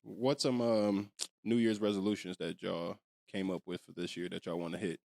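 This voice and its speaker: A man's voice: low voice, little pitch movement, normal speed, gravelly, mellow, no echo. A man hosting a casual group podcast, joking and steering the others back to his question. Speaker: podcast host.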